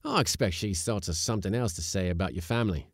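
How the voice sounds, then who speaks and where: A man's voice: low-pitched, quick pace, breathy edge, no echo, studio quality. A man voicing a careless, sardonic male ship's mate in a storybook reading. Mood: offhand. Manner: offhand and sardonic.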